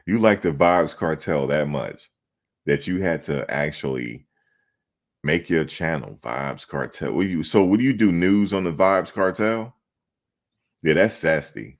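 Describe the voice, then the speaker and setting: Man, extremely low voice, sports show host, mocking banter, repeats himself. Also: gravelly. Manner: trash-talking, mocking, repeats himself for laughs. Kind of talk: casual chat responding to live chat.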